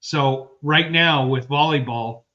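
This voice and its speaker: A man's voice: mid-range voice, takes it slowly, dull audio. A man in his fifties co-hosting a sports podcast, rambling through personal anecdotes in casual chat. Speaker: podcast co-host.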